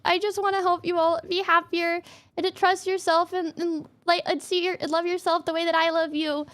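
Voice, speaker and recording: High, bright-voiced young woman streamer. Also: little pitch movement, fairly quick. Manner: rambling and emotional, many "like" fillers. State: teary, near crying. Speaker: VTuber streamer. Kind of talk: casual livestream chat.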